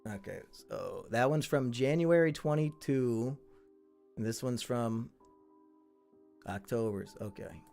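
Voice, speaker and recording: A man's voice: mid-range voice, slow pace, creaky, pauses often, a little mellow, faint music behind. A man hosting a live stream, reading out viewer stories and commenting to the chat in a blunt, crude, freely swearing way. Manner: chatty asides to the chat.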